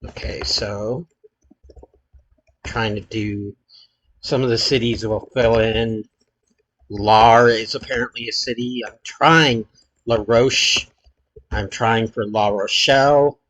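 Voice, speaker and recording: A man hosting his channel, thinking aloud as he plays a geography quiz, hesitant and halting with many filler pauses. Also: mid-range voice, steady tone, fairly bright tone, low-quality recording. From United States.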